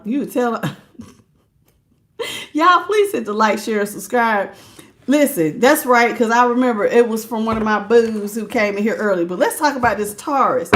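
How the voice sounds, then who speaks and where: A woman giving a live tarot reading, chatty and quick to laugh as she talks straight to her viewers. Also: a little high, a bit bright. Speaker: tarot reader.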